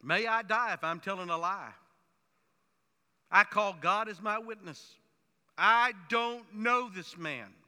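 A cornered fisherman insists again and again that he knows nothing, as a preacher acts him out. The voice is a high, very bright male tone. It carries a long reverb from a big hall. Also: lively intonation, a little fast. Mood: adamant. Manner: defensive, insistent. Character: panicked adult male fisherman denying a friend.

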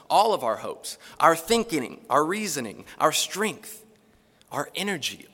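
A man's voice: on the high side, a bit bright. A man preaching a sermon, earnest and emphatic, building his points through lists and rhetorical questions. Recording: long reverb of a large hall.

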